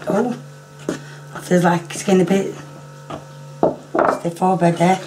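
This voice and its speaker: Hoarse woman chatting through a cooking demo. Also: on the low side, little pitch movement, unhurried, background noise. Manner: chatty, keeps clearing her throat and apologising. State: hoarse, losing her voice. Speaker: home cooking vlogger. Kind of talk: casual cooking demonstration.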